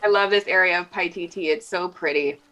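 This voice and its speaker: A woman game developer chatting casually during a gameplay stream, upbeat and quick to laugh. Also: on the low side, sharp tone. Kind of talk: casual chat over gameplay.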